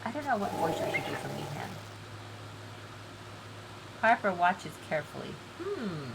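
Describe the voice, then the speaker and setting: A woman's voice: lowish voice, huge pitch swings, measured pace, vocal fry, noisy background. Giggly woman streaming a game. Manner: giggly, chatty, teasing. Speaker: streamer running a game event. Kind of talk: casual live-stream chat, reading game text aloud.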